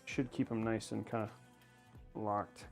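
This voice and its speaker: A man's voice: lowish voice, flat delivery, measured pace, gravelly. A man hosting a casual livestream while building a PC, rambling and joking at himself as he talks to chat. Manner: rambling, goofy, laughs at himself. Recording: faint music behind the voice.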